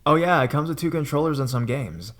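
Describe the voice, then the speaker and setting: A man's voice: a little high, animated, brisk, fairly bright tone, pitched above the performer's own voice. A man voicing a polite American man with an American accent who sounds raised and flustered. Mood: friendly. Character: polite older American man, easily shocked.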